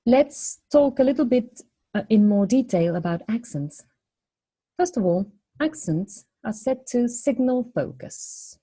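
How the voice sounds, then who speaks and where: A woman lecturing on phonology, explaining step by step in a measured way and posing questions to the class. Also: a little high, expressive, warm tone, slightly rough.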